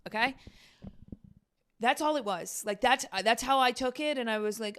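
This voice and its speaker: A woman's voice: a little high, normal speed, pauses often, a bit bright, smooth. A young adult woman hosting her own podcast, talking in a casual, exasperated rant full of fillers and sarcasm. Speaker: podcast host.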